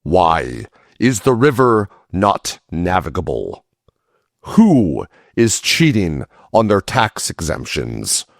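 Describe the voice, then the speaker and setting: A man putting on a cold, deep-voiced royal bureaucrat. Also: wildly swooping pitch, takes it slowly, creaky, dry recording, studio quality, exaggerated voice. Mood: cold demanding. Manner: curt, interrogating commands.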